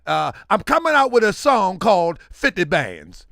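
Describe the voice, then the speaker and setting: A middle-aged man hosting a livestream and reading chat aloud, loud and teasing, laughing often. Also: high voice, huge pitch swings, moderate pace, vocal fry, no room sound, clean studio sound. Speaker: livestream host.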